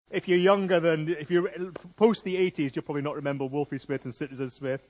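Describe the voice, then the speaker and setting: Guy giving a sermon, slightly high voice, chatty and funny. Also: fast talker, few pauses. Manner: jokey, conversational, lively preaching. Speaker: preacher.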